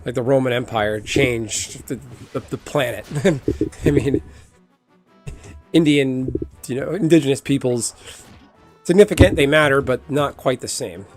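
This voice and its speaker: A man's voice: mid-range voice, a little slow, pauses often, darkish tone, soft background music. A man from the United States streaming a game, chatting casually in a rambling way and swearing now and then. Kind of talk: casual chat while gaming.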